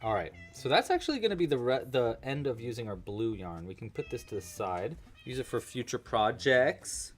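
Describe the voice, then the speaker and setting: A man's voice: medium pitch, sing-song, normal speed, hardly any pauses, soft background music. A man casually teaching a crochet-along on a livestream, chatty and playful, often chatting with his cat. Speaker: crochet instructor.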